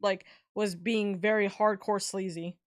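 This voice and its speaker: A woman's voice: medium pitch, fairly even intonation, unhurried, no room sound. Chatty upbeat woman streamer, dry sound. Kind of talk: casual chat.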